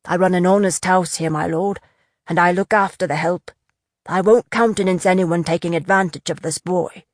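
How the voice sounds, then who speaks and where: A woman voicing a sturdy, protective old male innkeeper who speaks slowly and firmly, in a storybook reading. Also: on the low side, steady tone, dry recording, clean studio sound, lightly acted. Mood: stern.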